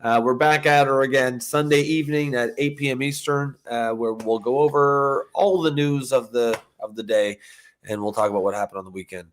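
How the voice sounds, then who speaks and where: A man's voice: medium pitch, moderate pace, slight background noise. A man co-hosting a political talk show, rambling through his points and closing the episode. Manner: rambling, lots of fillers and restarts. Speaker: podcast co-host. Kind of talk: casual political chat.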